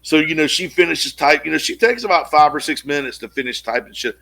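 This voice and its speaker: A man co-hosting a casual podcast, telling a long story in an animated way and acting out the quotes, with casual swearing. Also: a little high, a little fast, gravelly. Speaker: podcast co-host.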